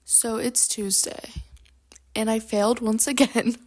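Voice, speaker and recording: A woman's voice: fairly high pitch, little pitch movement, a little slow, noisy background. A young woman chatting casually in a book vlog at home, bubbly and rambling, with lots of fillers, speaking into a handheld microphone. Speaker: book vlogger. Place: at home, moving between rooms.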